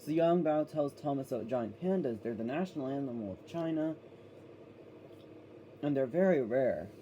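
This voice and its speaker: Man, casual reviewer, rambling and self-correcting, very dark mellow voice, faint background hiss. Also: medium pitch, lively intonation, moderate pace, poor audio.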